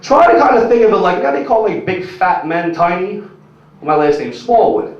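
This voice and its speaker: A young stand-up comedian works the crowd from a comedy club stage, his voice sitting high with big pitch swings and a brisk pace. His set is crude and rambling, stuffed with "like" and "you know." The recording is echoey and muffled, captured from a distance.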